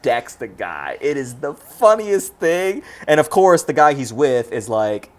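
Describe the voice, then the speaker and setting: Gushing, animated movie-show co-host. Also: mid-range voice, a little slow. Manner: gushing, laughs often while retelling scenes. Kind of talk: casual movie recap chat.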